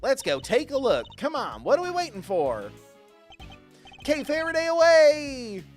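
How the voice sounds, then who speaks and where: A man's voice: high-pitched, normal speed, faint music behind, pitched above the performer's own voice. A man doing a peppy young girl thief. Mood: excited. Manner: excitable and bouncy. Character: peppy young woman thief, eager and playful.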